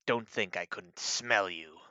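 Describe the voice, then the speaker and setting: A man voicing a menacing dragon in a deep, grumbling voice for a tabletop game. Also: a little slow, sharp tone, clear, resonant tone, dry recording. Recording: dull lo-fi mic.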